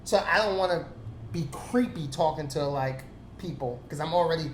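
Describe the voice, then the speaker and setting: Podcast guest: a man with a slightly high voice, animated storyteller, in a roomy room with faint noise. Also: normal speed. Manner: animated storytelling, acts out his own lines. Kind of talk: casual podcast banter.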